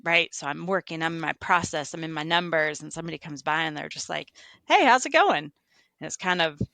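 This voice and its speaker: A woman's voice: deep voice, fast talker, vocal fry, dry recording. A woman, a construction estimator, talking reflectively in a casual interview and telling workplace stories. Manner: reflective, animated storytelling. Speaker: podcast guest, construction estimator.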